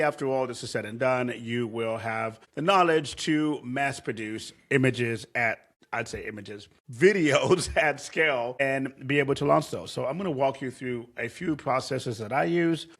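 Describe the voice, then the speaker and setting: A man in an easygoing tutorial voice, mid-pitched and conversational. He explains steps in a loose, rambling way, often backing up to rephrase. It sounds like a laid-back lesson given while sharing his screen. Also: fairly bright tone. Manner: loose and conversational, with frequent fillers and restarts. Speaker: tutorial host. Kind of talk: casual screen-share tutorial.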